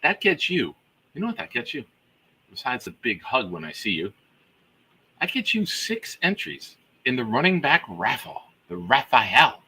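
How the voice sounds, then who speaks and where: A man hosting a live fan show, reading out gifted memberships to the chat with exuberant hype-man shout-outs. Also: mid-range voice, wildly swooping pitch, a little slow, slightly rough.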